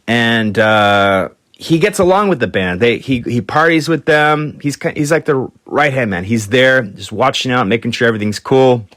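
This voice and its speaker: A man's voice: animated, normal speed, fairly bright tone, no room sound. Casual male podcast storyteller, dry sound. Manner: loose, profane, acts out quotes in higher voices. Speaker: podcast host.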